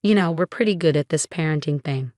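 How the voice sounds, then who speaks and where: A woman's voice: deep voice, a little fast, mellow, no echo, clean studio sound, close to an everyday voice. A woman narrator voicing a supportive husband who talks in a reassuring way. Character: supportive husband, grown man.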